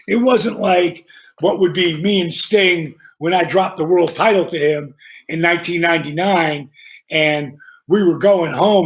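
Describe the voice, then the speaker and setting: An older man, a podcast guest who wrestled professionally, telling stories in casual, profane chat. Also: on the high side. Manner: profane, animated storytelling with acted-out quotes.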